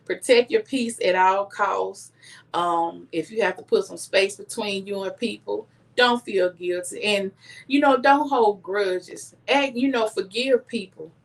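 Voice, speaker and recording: A woman's voice: medium pitch, unhurried, vocal fry. A middle-aged woman, giving earnest life advice straight to her viewers in a casual live stream. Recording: voice a bit distant from the mic.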